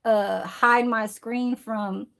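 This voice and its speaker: A woman chats casually into her phone camera at home. Her voice sits a touch high, and she rambles from one aside to the next, swearing freely and checking in with a quick "okay?" as she goes. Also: steady tone, gravelly, a bit bright. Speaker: vlogger. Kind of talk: casual vlog chat. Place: at home, indoors.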